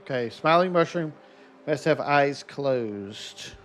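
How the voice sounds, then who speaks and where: A man's voice: medium pitch, lively intonation, slow, a little hiss or hum. A man casually commenting on a game during a live stream and chatting with his viewers by name.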